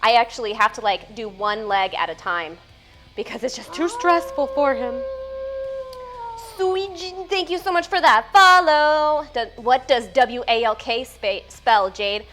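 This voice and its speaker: A woman's voice: on the high side, animated, measured pace, fairly bright tone, soft background music. A young woman, a fitness trainer, chatting playfully with her live-stream viewers from home. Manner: bubbly, playful, reads chat aloud and answers it. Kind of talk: casual live-stream chat.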